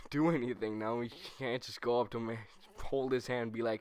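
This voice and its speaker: A man's voice: mid-range voice, smooth. Rambling young man telling a story. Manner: rambling, animated, self-correcting, with quick put-on quotes. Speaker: gaming channel host. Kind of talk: casual storytime over gameplay.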